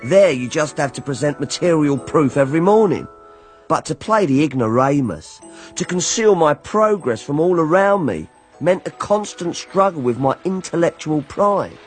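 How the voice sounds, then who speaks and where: A man's voice: a little high, animated, normal speed, faint music behind, natural voice. An actor narrating as a wry grown man recalling his childhood, in dry, ironic tones, for a radio drama.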